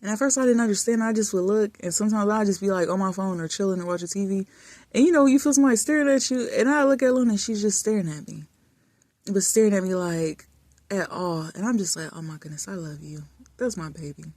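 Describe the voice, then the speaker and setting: A woman vlogger chatting casually and affectionately while lying in bed in a dark room, often dropping to soft murmurs. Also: mid-range voice, fast, dry recording. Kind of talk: casual chat.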